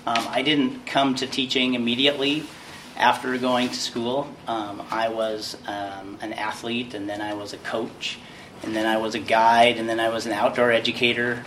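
A man's voice: mid-range voice, flat delivery, moderate pace, fairly bright tone. A man from Montana giving a candidate introduction, hesitant and full of filler words, in a meeting room without a microphone. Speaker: political candidate. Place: community center meeting room. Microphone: no microphone, room sound. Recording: distant room recording, faint noise.

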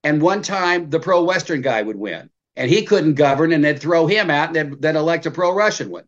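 A man's voice: a little high, expressive, brisk. An American professor in his sixties answering interview questions emphatically, often restarting his sentences. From United States. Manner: emphatic, with frequent restarts and stammered openings. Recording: muffled lo-fi audio.

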